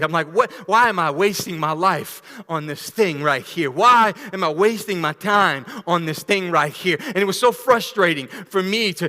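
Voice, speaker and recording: A man preaching a sermon as pastor, dropping to hushed, intimate lines and rising into loud, laughing storytelling. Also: high voice, in a large hall. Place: church sanctuary.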